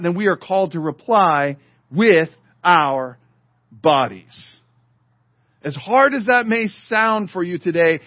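A man preaching a sermon as pastor, speaking emphatically to the congregation and online viewers, slowing down and dropping to a murmur for effect. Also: high voice, no echo. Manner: emphatic preaching with dramatic slowdowns and drops to a murmur. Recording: dull lo-fi sermon audio.

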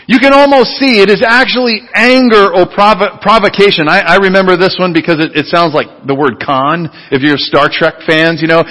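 A man preaching a sermon as pastor. He is emphatic and leads the congregation in repeating words, then sinks to low, quiet tones on key phrases. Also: in a large hall, rough recording. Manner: leads the congregation in call-and-response repetition.

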